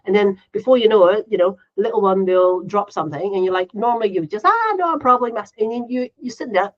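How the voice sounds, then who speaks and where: A woman's voice: mid-range voice, fast, lo-fi sound. A woman co-hosting a casual podcast chat. She talks in a chatty, running way, tags her sentences with "right?", and acts out her own inner voice in little quotes. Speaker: podcast co-host.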